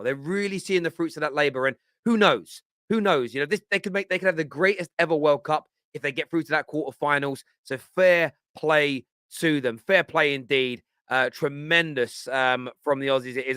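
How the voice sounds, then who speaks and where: A man's voice: fairly high pitch, bright, forceful tone, clear, resonant tone, no echo, studio quality. A man hosting a live football reaction stream, chatting enthusiastically and reading out viewer comments. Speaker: football show host.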